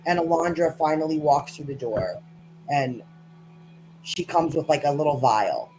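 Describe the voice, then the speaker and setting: Woman, game master, slow, halting, filler words, faint music underneath. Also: low voice, expressive, dark tone, rough recording. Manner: casual, halting, many fillers. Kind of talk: narrating a tabletop game.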